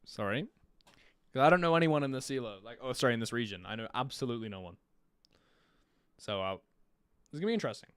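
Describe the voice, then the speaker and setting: A young man live-streaming his own commentary on an esports match, chatty with jokey asides and bursts of energetic play-by-play. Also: medium pitch, quick pace, pauses often, clean tone, no room sound, clean studio sound.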